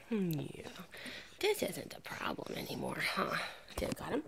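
A woman chats to her puppy in playful, coaxing baby talk, heaping on praise. Her voice sits low and is heavily gravelly, and it swings wildly up and down as she coos. She often slips into breathy whispers. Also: wildly swooping pitch, moderate pace. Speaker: dog trainer. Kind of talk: casual talk to a puppy during training.

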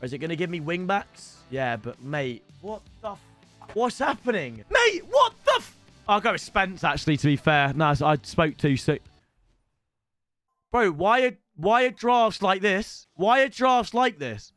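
A young man commentating excitedly on his own video game stream, shouting between calm stretches. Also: sits high, a little slow, faint music behind. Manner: excitable, shouts and swings between hype and frustration.

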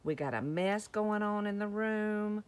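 A woman voicing an exasperated dinosaur dad at bedtime, squeaky and pleading. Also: measured pace, smooth, close to an everyday voice.

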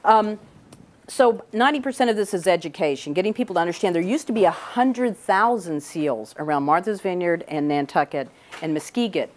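Woman, middle-aged, marine scientist, casual classroom talk, chatty, pitch on the low side. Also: brisk. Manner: chatty and lively, keeps checking in with "right?". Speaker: marine scientist giving a talk to young people. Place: indoor room with a couch.

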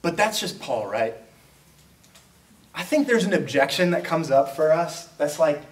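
A fairly high-voiced man preaching a sermon to a congregation, loose and conversational, slipping into quoted back-and-forth. He is picked up from some distance, and the big room echoes around him, with a faint hum of noise underneath. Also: big pitch swings, a little slow, pauses often. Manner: conversational, acts out quoted exchanges. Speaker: pastor. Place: church auditorium. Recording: roomy, from a distance.

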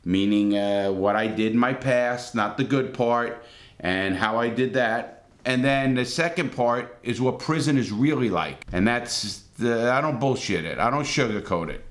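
A man's voice: medium pitch, fairly bright tone, roomy sound. A middle-aged American man telling his own story in a blunt, profane, streetwise way, hosting his channel. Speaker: host. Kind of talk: casual storytelling monologue.

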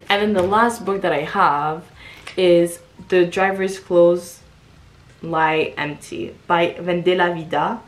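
A woman vlogger chatting casually through a book haul, reading back covers aloud and reacting with quick exclamations. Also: lowish voice.

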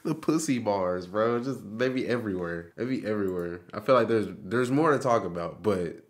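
A man's voice: fairly low pitch, expressive, moderate pace. A man hosting a music reaction video, chatting casually and saying "bro" a lot. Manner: laid-back, says "bro" a lot, chuckles.

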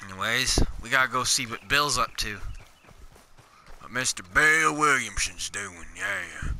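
Male let's-play host, excitable and rambling, sharp bright voice, faint game sounds. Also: medium pitch, gravelly, a little hiss or hum. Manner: excitable, rambling gamer chatter. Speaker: gaming YouTuber.

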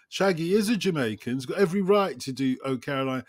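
A man's voice: mid-range voice, fast, hardly any pauses, no echo, clean studio sound. A man hosting a casual podcast chat, telling rambling anecdotes and acting out quotes. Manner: rambling anecdotal storyteller, quotes people in lively voices. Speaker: podcast host.

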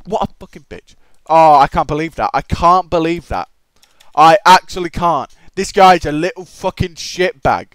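An excitable Australian man giving gameplay commentary, swearing and swinging between shouted outbursts and low muttering. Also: unhurried, a little hiss or hum. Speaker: gaming commentator.

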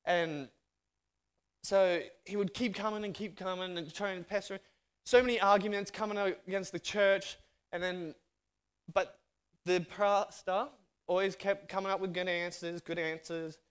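Australian male speaker, slightly high voice, lively sermon storyteller who acts out dialogue. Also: normal speed, smooth. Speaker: guest speaker.

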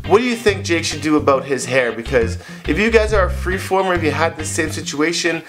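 Man, vlog host, playful, chatty, slightly high voice, guitar music behind. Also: lively intonation, brisk. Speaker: vlogger giving hair advice. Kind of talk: casual video Q&A.

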